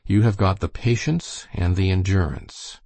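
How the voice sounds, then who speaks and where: A man's voice: low voice, measured pace, gravelly, mellow, dry recording, full character voice. A man voicing a blunt older teamster in a storybook reading. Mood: hearty. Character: older male teamster, gruff and reckless.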